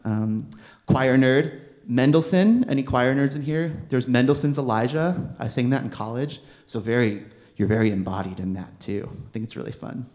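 A man delivers a sermon in a casual, conversational style. He is animated and uses frequent fillers. His voice sits at a middle pitch. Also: moderate pace. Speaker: pastor.

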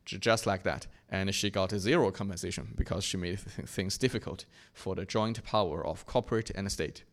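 A young man from China giving an earnest, reflective personal testimony, often pausing and restarting his sentences. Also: low-pitched. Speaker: speaker sharing his faith testimony.

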